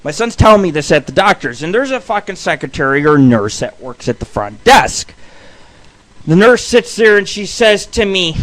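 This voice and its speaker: Loud, crude man telling rambling stories. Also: sits high, big pitch swings, normal speed. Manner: rambling, crude and loud, with sudden shouted bursts. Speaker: radio show host. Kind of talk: profane storytelling monologue.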